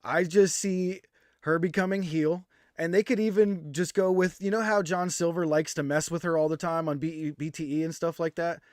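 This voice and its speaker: Casting note: a man host with a slightly high voice, easygoing and agreeable, a dry close sound. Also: normal speed, no echo. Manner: relaxed, agreeable, laughs easily. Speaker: podcast host. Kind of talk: casual wrestling review chat.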